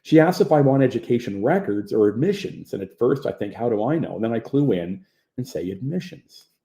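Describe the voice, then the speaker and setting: A man from Ontario reading his memoir aloud in an animated storytelling manner. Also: mid-range voice, a little fast. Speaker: narrator.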